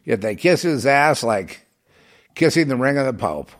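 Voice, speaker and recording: A man delivering a heated, rambling monologue as a self-styled prophetic broadcaster, swinging between loud outbursts and muttered asides. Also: mid-range voice, very animated, moderate pace. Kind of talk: agitated monologue.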